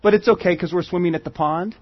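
A pastor with a high, slightly husky voice preaches in a casual, conversational way. He often restarts and repeats words as he goes. The recording is dull and dry. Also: fast talker, dry recording. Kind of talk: sermon. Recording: muffled lo-fi sermon recording.

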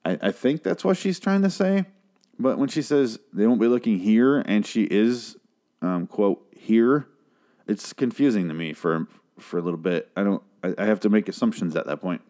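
A man's voice: lowish voice, expressive, moderate pace, dark tone. A man casually recapping a TV episode, rambling, sarcastic and swearing freely.

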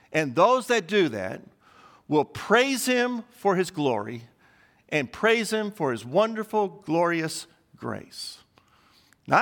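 A man's voice: high voice, a bit bright. A man preaching a sermon as pastor, emphatic, building points through repeated lists. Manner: emphatic, repetitive listing cadence.

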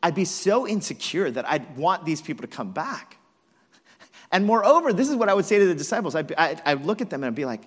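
A man preaching a conversational sermon as a pastor, telling it with animated, self-deprecating asides. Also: a little high, fairly quick, slightly rough. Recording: long reverb of a large hall.

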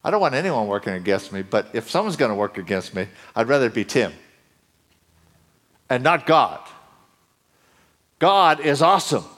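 A middle-aged male preacher giving a sermon, his voice climbing higher and louder as he gets excited. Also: normal speed, long pauses. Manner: voice climbs high and loud when excited.

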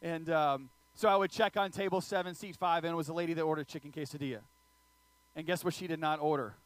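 High-voiced joking male preacher, dry sound. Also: fast, dry recording. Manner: animated, joking, audience asides. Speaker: pastor. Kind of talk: sermon with humorous storytelling.

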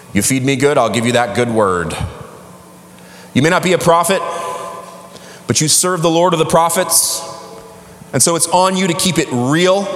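A man preaching a sermon as a pastor, emphatic and building to shouted exhortation. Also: mid-range voice. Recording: echoey hall from afar.

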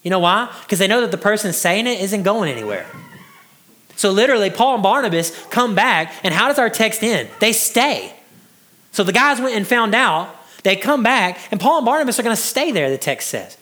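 A man preaching with a high, bright, forceful voice. He talks in a loose, conversational way, repeating words as he restarts and slipping into little acted-out quotes. It comes across as a casual sermon. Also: very animated, normal speed. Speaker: pastor.

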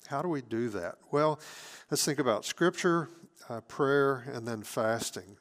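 A man preaching a sermon as pastor, earnest, moving between emphatic lines and hushed, near-whispered asides. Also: medium pitch, animated, unhurried.

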